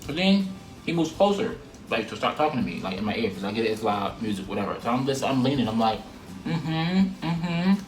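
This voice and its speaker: Animated, cursing young man telling a story. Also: lowish voice, fast, a little hiss or hum. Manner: animated, profane, laughing asides. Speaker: vlogger. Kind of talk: casual storytime. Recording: roomy echo.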